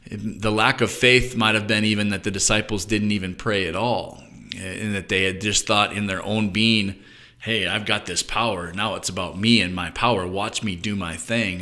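Leading a thoughtful Bible study, this man muses out loud and keeps starting his sentences over. His voice is mid-range with a sharp edge.

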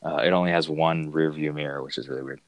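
Deep-voiced man rambling in casual chat. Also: fairly even intonation, fast talker, vocal fry, dry recording. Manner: laughs often, rambling with many fillers. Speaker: co-host telling work stories.

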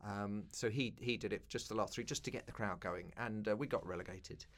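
A man's voice: fairly low pitch, fairly quick, fairly bright tone. A man in his fifties from London, a broadcaster telling self-deprecating, humorous anecdotes in an interview. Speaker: guest, broadcaster and keynote speaker. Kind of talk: casual interview chat.

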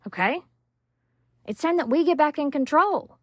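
Speaking at a normal rate with long pauses, a woman with a high-sitting voice hosts a parenting-coach podcast in a dry, clean studio recording. Casual and emphatic, she sometimes swears and acts out the words of overwhelmed mothers.

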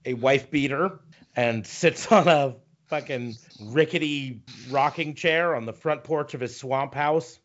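A man co-hosting a casual wrestling podcast, ranting with a lot of swearing and halting restarts. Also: medium pitch, dull audio. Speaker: podcast co-host.

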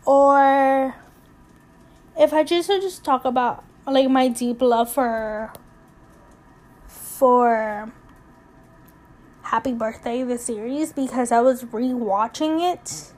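A woman's voice: high-pitched, takes it slowly, pauses often, a little mellow. A young woman hosting a casual solo podcast, rambling candidly with lots of fillers and getting emotional, close to tears. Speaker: podcast host.

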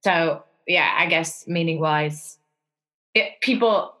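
Bright-voiced woman co-hosting a chatty podcast. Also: sits low, takes it slowly, low-quality recording. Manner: chatty, laughs often, rambling asides. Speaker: podcast co-host. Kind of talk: casual chat.

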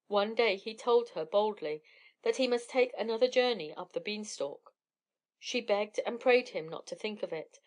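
A woman narrating a classic fairy tale in a measured, even storytelling manner. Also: on the high side.

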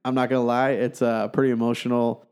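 A man co-hosting a podcast in casual chat, telling stories in an animated, easygoing way. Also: mid-range voice, fast talker, smooth. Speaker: podcast co-host.

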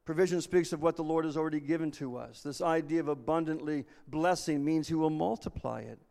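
A man's voice: fairly high pitch, brisk, gravelly, dark tone. A man preaching a sermon as pastor, earnest and repeating himself as he restarts phrases. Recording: long reverb of a large hall.

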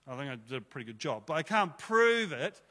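A man's voice: a little high, very animated, a little fast, pushed and bright, in a large hall. A man preaching a sermon to his church, conversational and emphatic, with rhetorical questions. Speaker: pastor.

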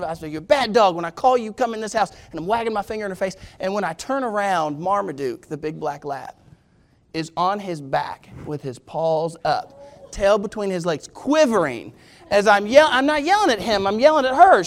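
A man preaching a sermon, telling a funny story and then reading scripture slowly and with emphasis. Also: high voice. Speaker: pastor.

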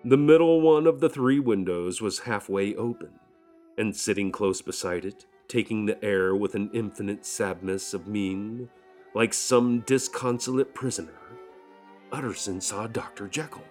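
A man narrating an audiobook in a measured, solemn manner. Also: fairly low pitch, darkish tone. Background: faint violin music.

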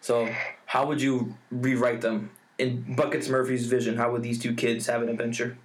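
A podcast host in casual chat, teasing his co-host with rapid-fire banter. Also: mid-range voice, little pitch movement, slight background noise.

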